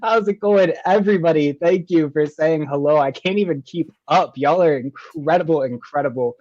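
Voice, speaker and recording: A man's voice: a little high, normal speed, darkish tone, no echo, highs cut off. A man hosting a live online show, greeting viewers with upbeat, effusive chatter over a video call. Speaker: show host.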